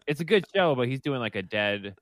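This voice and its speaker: A man's voice: mid-range voice, lively intonation, brisk, no echo. A man co-hosting a casual comedy podcast, joking eagerly with his friends. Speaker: podcast co-host. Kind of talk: casual chat.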